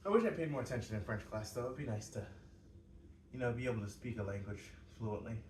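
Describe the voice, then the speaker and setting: Young man, joking workout vlog, mid-pitched, distant mic, echoey room. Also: animated, quick pace, a little mellow. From Canada. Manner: joking, chatty, talking to himself mid-exercise. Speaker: fitness vlogger. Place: home room at night. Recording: roomy distant mic with faint background hum.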